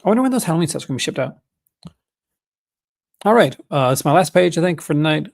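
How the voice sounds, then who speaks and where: A man's voice: on the high side, animated, quick pace, gravelly. Rambling enthusiastic man hosting a stream. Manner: rambling, enthusiastic, self-correcting. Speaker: host. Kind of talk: casual chat, livestream.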